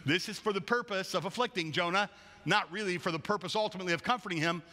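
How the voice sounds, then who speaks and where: A man voicing God as a calm, knowing figure who explains a plan, a little lower than his own voice, recorded with long hall reverb. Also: fast. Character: patient, knowing God speaking aside.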